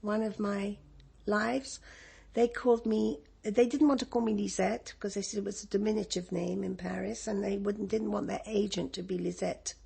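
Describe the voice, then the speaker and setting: A woman's voice: medium pitch, fairly even intonation, moderate pace, creaky, warm tone, breathy edge. An older woman from Egypt with an English accent, reminiscing in an interview, rambling and laughing often with many restarts.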